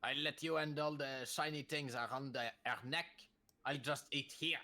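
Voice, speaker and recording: Relaxed man player, very bright voice. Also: medium pitch, normal speed. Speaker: player voicing a lizard-folk character.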